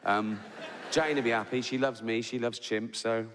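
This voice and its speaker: A man performs stand-up in a rambling, cheeky way, breaking off mid-thought. His voice carries the long reverb of a big theatre. Loud background noise runs underneath. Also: mid-range voice, steady tone, moderate pace. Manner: rambling, self-interrupting, cheeky. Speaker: stand-up comedian. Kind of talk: stand-up comedy routine.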